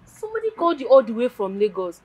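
A woman's voice: a little high, sing-song, quick pace, a little mellow, breathy edge, dry recording. An actress with a Nigerian accent playing a young woman firmly reproaching her brother. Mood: reproachful. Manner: firm, reproachful. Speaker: actor. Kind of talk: film drama acting.

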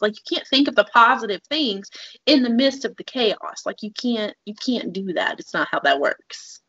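A woman's voice: a little high, normal speed, husky, dull audio. A woman in her thirties co-hosting a podcast, speaking earnestly and emphatically. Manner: earnest, emphatic, animated quoting. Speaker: podcast co-host. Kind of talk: casual podcast conversation.

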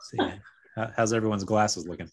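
Wine tasting host, low husky male voice, halting and repetitive, on a video call. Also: fairly even intonation. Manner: halting, repeats words, laughs often. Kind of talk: casual chat on a video call.

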